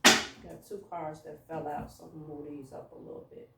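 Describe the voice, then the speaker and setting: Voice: medium pitch, little pitch movement, brisk, gravelly, pushed and bright, distant mic, slight background noise. A tarot reader casually musing through a card reading for a collective audience, speaking in an informal, loose way. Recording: echoey room, voice away from mic.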